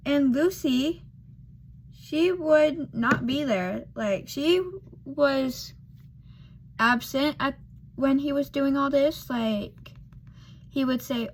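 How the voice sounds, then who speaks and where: A woman's voice: high-pitched, slow pace, pauses often, slight background noise. A woman vlogger telling a casual storytime while doing her makeup, rambling and losing her thread with lots of fillers.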